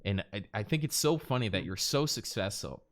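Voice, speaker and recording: Lively-voiced male podcast host. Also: fairly low pitch, a little fast. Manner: chatty, laughs often, teasing. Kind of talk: casual chat.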